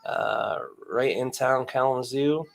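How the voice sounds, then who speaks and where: A man's voice: medium pitch, measured pace, creaky. Upbeat man hosting a live stream. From Michigan, US. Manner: upbeat, chatty, reads out viewer names. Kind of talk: casual live stream greeting viewers.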